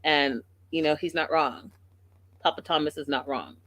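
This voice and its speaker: A woman's voice: low-pitched, normal speed, no echo. A woman hosting a reality TV recap show, talking casually and acting out what the cast said. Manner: animated, acts out quotes of the cast.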